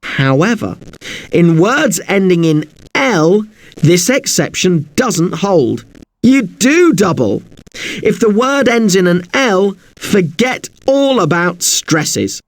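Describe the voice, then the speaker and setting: Man, spelling teacher, high and animated voice, polite, spells words out letter by letter. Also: takes it slowly, no room sound. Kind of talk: scripted spelling lesson.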